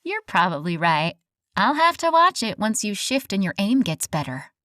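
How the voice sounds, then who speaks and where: A woman's voice: big pitch swings, normal speed, no room sound, clean studio sound. A woman voicing a petite, smug young woman who teases her friend with a drawl in an audiobook. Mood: teasing. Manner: teasing, drawling, higher and louder. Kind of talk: audiobook character voice.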